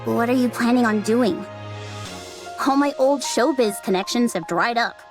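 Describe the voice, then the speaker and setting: A weary young former pop star voiced by an actress speaks in a tired, resigned way, pulling back from effort. Her voice sits a little high. Game music plays clearly behind her. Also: moderate pace, lightly acted. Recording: game dialogue over music.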